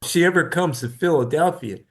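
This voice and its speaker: A man's voice: on the high side, a little fast, fairly bright tone. A man co-hosting a podcast, bantering casually and laughing often. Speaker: podcast co-host. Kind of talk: casual chat.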